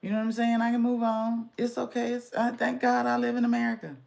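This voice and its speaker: A woman hosting her podcast with sassy, animated casual commentary, talking straight to her audience. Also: a little high, quick pace, vocal fry. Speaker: podcast host.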